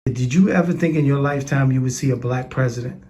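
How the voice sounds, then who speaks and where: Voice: mid-range voice, quick pace, mellow. An interviewer asking short questions and giving brief encouraging prompts.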